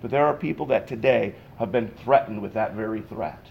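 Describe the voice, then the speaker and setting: A male pastor preaching a sermon to a church congregation, swinging between loud, emphatic bursts and quiet, intense passages. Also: lowish voice, brisk, vocal fry, muffled recording, slight background noise. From Pacific Northwest. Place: church sanctuary.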